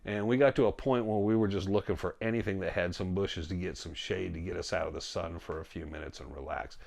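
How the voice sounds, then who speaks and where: A man casually telling a story about a hike, animated, often quoting himself and his friend and laughing as he goes. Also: sits low, quick pace, gravelly. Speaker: storyteller guest.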